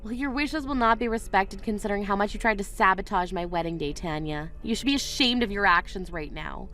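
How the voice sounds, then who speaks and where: A woman's voice: medium pitch, brisk, pushed and bright, faint music behind, natural voice. A woman voicing a wronged young bride in a texting story, indignant and firm. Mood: cold.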